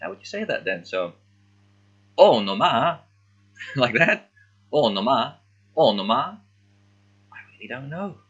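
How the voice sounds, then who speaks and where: A man reading a children's book aloud as a language learner, thinking aloud in a halting, puzzled way and stopping often to work out words. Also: mid-range voice, big pitch swings, bright, forceful tone, slightly rough, highs cut off. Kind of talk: casual thinking-aloud readalong.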